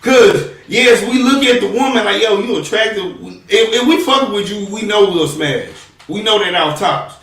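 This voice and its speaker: A man's voice: sits high, normal speed, few pauses, far from the mic. Laid-back man, echoey and off-mic. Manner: laid-back, rambling, trails off softly. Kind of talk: casual chat.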